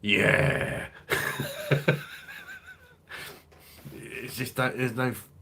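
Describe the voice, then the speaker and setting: A man with a London accent and a very deep, low voice talks through a casual livestream. He jokes crudely, swears freely and rambles as he reads out viewer comments. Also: measured pace, fairly bright tone, a little hiss or hum. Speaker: host of a beer review livestream.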